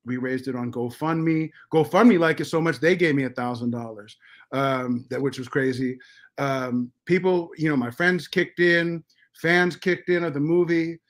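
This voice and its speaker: A middle-aged American man telling stories as a podcast guest, animated and profane, with many restarts. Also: a little high, normal speed. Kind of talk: casual storytelling.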